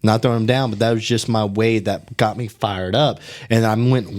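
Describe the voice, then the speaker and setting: Swearing, animated young podcast host. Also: male voice, fairly low pitch, normal speed. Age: 20s. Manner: animated storytelling, heavy swearing, frequent "bro" and "dude". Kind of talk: casual podcast chat.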